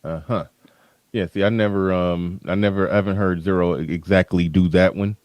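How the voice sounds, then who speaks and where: A man's voice: low voice, steady tone, normal speed, no room sound, muffled recording. A man hosting a casual livestream chat, rambling and often restarting his sentences, into a studio mic with a pop filter. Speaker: host.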